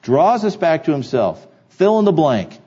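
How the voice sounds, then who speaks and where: A man's voice: a little high, sing-song, unhurried, dark tone, breathy edge, lo-fi sound. A man preaching a sermon to his congregation, earnest and repeating key phrases for emphasis. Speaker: pastor. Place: church sanctuary.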